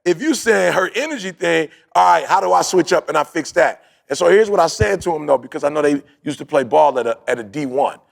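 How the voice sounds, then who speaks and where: A man's voice: a little high, animated, brisk, vocal fry, few pauses. A man hosting a podcast, telling a story in a casual motivational way, acting out quotes and repeating his points. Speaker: podcast host.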